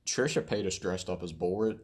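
A man co-hosting a podcast in casual chat, joking and quick to laugh. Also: low voice. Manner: joking, quick to laugh, does silly voices.

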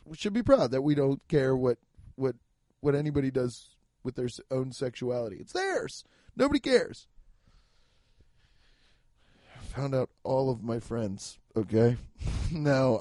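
A young man in his twenties or thirties, a comedian rambling through a profane, animated monologue with bursts of shouting. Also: medium pitch, no room sound. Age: 20s to 30s.

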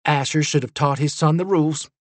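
A man's voice: fairly high pitch, dry recording, natural voice. A man voicing Miss Ellie, a stern, formal woman who presides over a vote, in a storybook reading. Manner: formal, cold, measured. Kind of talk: storybook character voice.

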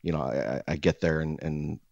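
A man with a low voice tells a long story in casual chat. He rambles with lots of fillers and restarts and swears freely. The audio is dull and lo-fi, with no room sound. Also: fairly even intonation, brisk, vocal fry, darkish tone, no echo. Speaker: podcast co-host. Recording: dull lo-fi, dry.

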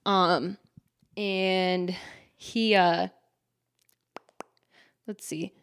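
A woman's voice: fairly low pitch, extremely slow, clear, resonant tone, no echo, clean studio sound. A woman hosting her own podcast, telling a story in a chatty, giggly way with lots of "like" fillers and playful quoted voices. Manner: dramatizes with lively quoted voices. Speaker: podcast host. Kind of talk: casual storytelling.

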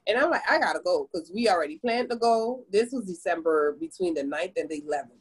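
A woman in her forties from the Caribbean, a podcast guest telling her story in an animated, expressive way. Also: fairly quick, breathy edge, low-quality recording. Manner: animated, expressive storyteller with big pitch jumps. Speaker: podcast guest, business owner. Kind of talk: casual conversational storytelling.

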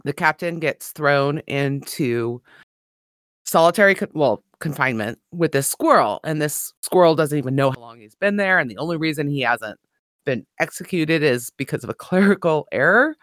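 A woman's voice: sits low, expressive, normal speed, a bit bright, no room sound, studio quality. A woman co-hosting a book podcast, talking casually and enthusiastically about a story, laughing often. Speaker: podcast co-host.

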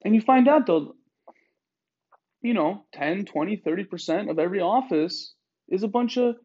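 A man hosting a podcast in a rambling monologue, swearing often and digressing in an animated way. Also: high-pitched, normal speed, highs cut off. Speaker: podcast host.

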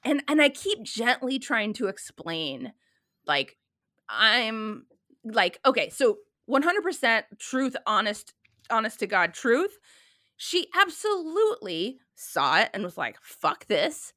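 A woman in her thirties in casual chat, telling a story with lively quoted dialogue. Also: a little high, slow pace, no room sound, clean studio sound.

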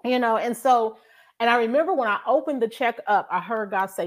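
Woman podcast cohost, kinda high voice, casual faith story, acts out her prayers. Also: brisk. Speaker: podcast co-host.

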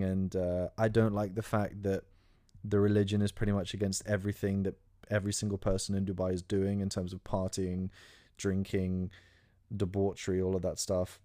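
A man's voice: lowish voice, a little mellow, no room sound, clean studio sound. A young man hosting a solo podcast, talking casually in a crude, sarcastic way with lots of ums. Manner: crude, sarcastic, rambling with many fillers. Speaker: podcast host.

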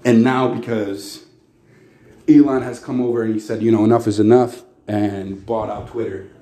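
A man's voice: fairly low pitch, steady tone, normal speed, warm tone. A man hosting a podcast, ranting angrily and sarcastically with a lot of swearing. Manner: angry, profane, sarcastic ranting. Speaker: podcast host. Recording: echoey room with faint noise.

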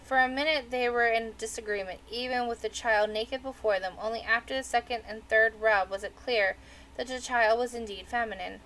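A woman narrating a novel aloud in a steady, measured reading. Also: on the high side, poor audio. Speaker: audiobook reader. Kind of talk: storybook narration.

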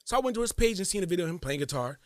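Animated, high-voiced man telling stories. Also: very fast, a crowd in the background. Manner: animated storyteller, swears freely, laughs often. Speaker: podcast co-host and impressionist. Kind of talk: casual chat.

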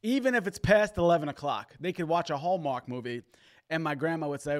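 A man's voice: a little high, animated, fairly quick. A man co-hosting a church livestream, chatting casually and exhorting viewers with upbeat energy. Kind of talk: casual chat and preaching.

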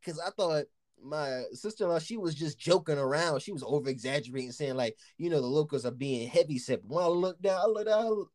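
A man telling a story in casual chat, animated and profane, laughing often and acting out what people said. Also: on the high side, a little fast, no echo, studio quality.

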